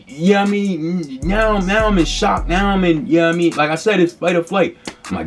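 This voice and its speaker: A man's voice: high-pitched, lively intonation, normal speed, soft background music. A man in his twenties telling a story in a casual, slangy, rambling way, full of fillers. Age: 20s. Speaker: vlogger.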